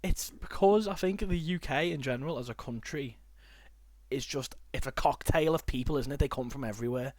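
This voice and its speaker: A man's voice: medium pitch, fairly quick, no room sound, studio quality. A young man with a northern English accent, chatting loosely as a podcast host. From north of England, near Liverpool. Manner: chatty, rambling, animated when joking. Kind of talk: casual podcast chat.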